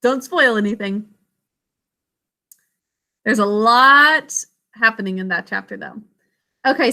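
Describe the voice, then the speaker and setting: A woman's voice: high voice, pushed and bright. A woman teacher leading a vocabulary and spelling lesson. She asks the class questions, calls on students by name, and patiently sounds out each syllable.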